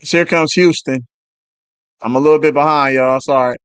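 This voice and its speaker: A man calling a basketball game live as a fan on a stream, swearing and yelling at the players between play-by-play. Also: a little high, normal speed, smooth, dry recording. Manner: excited, profane trash talk at players. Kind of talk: fan play-by-play watch-along.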